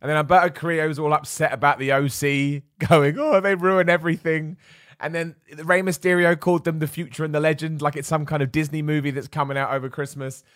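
A man hosting a live wrestling show, talking casually, animated, laughing often and repeating himself. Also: a little high, fast, hardly any pauses, no echo, clean studio sound. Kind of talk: casual live-stream commentary.

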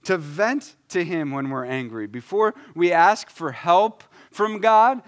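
A man preaching a conversational sermon, acting out short prayers in his own voice and swinging between loud, emphatic lines and quiet asides. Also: on the high side, expressive, a little slow, few pauses. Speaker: pastor.

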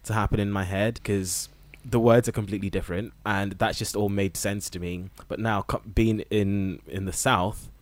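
A man's voice: fairly low pitch, steady tone, normal speed, few pauses, dry recording. A man from Nigeria who grew up in England, with a general English accent touched by Scottish, chatting animatedly as a doctor on a podcast. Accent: general English with some Scottish touches. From Nigeria, raised in England. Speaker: junior doctor. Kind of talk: casual podcast chat.

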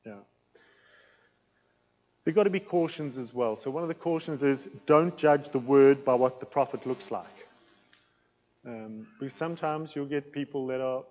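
A man preaching a teaching sermon in a plain, loud, conversational way, with an accent that he says can sound aggressive. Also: a little high, long reverb tail, low-quality recording. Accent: non-local accent in England. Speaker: pastor teaching a series.

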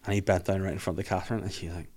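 A man's voice: sits low, racing. A man hosting a podcast, telling sweary stories in casual chat and acting out quotes. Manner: sweary, animated storytelling with acted-out quotes. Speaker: podcast host.

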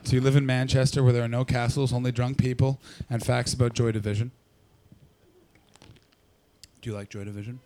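A man's voice: mid-range voice, flat delivery, quick pace, dark tone. A man doing stand-up, brashly and profanely teasing the audience in crowd work. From not from Britain. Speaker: stand-up comedian.

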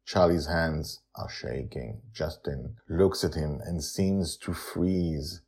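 A man hosting and narrating his own fantasy story podcast in an animated, expressive storytelling style. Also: sits low, slow, few pauses.

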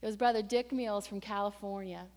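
A woman preaching a sermon and telling a personal story in a lively, conversational way, with sudden surges in pitch and loudness. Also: fairly quick. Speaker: church staff member and preacher. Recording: long hall reverb.

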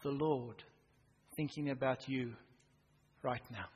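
A man preaching a sermon in church, swinging from loud emphasis down to a hushed near-whisper. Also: medium pitch, fairly even intonation, slow pace, husky. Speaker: pastor. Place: church hall. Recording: reverberant church hall, faint noise.

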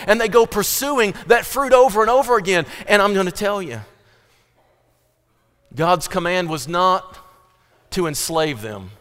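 High-voiced preacher in a reverberant hall. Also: male voice, a bit bright. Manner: emphatic preaching with rising and falling intensity. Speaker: pastor. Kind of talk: sermon.

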